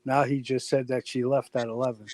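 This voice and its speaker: A man's voice: medium pitch, little pitch movement, brisk, a little mellow, dry recording. A man co-hosting a casual chat, skeptical and often stammering as he restarts.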